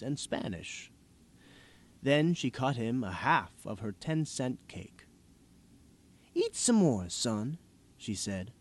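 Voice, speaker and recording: A man reading a short story aloud with expressive storytelling. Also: mid-range voice. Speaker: story reader.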